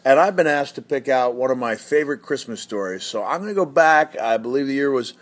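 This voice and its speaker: A man's voice: medium pitch, lively intonation, fairly quick. A middle-aged man telling a casual anecdote, rambling with plenty of fillers and restarts. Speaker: guest storyteller.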